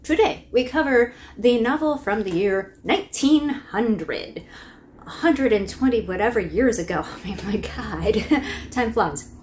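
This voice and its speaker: Lively chatty woman reviewing books. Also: on the high side, a little slow, a little hiss or hum. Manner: chatty with wry asides and laughs. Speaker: book review host. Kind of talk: casual book review narration.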